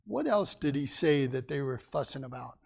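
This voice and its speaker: Gravelly man teaching a Bible class. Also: medium pitch, expressive, normal speed, a little mellow. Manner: folksy, asks the class questions.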